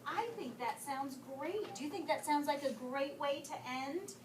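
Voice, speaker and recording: A woman teacher coaxing young pupils through a writing lesson, asking questions and reading words aloud slowly. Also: high-pitched, animated. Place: classroom. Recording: roomy, distant, noisy classroom.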